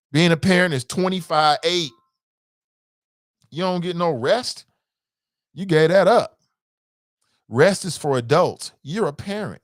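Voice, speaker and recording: A man with a fairly high voice hosts a call-in talk show, offering casual, emphatic commentary in slangy speech. He repeats his points and laughs often, and the recording is clean studio sound with no echo.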